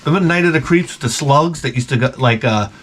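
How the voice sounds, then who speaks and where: A middle-aged man telling rambling, profane stories in a casual vlog, jumping into loud joking exclamations. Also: mid-range voice, fast. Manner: excitable, profane, jokey, with sudden loud exclamations. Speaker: video game vlogger.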